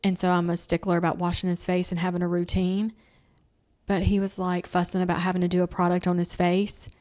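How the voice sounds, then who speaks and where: A woman's voice: on the low side, a little fast. A young woman hosting a casual family podcast chat, telling parenting stories and acting out the lines she quotes. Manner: animated storyteller, acting out quotes in sing-song voices. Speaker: podcast host.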